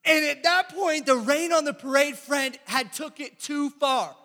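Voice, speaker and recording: Young guy youth pastor, high voice, super animated and chatty, says bro a lot, big echoey hall. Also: a little slow. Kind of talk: casual youth sermon with storytelling.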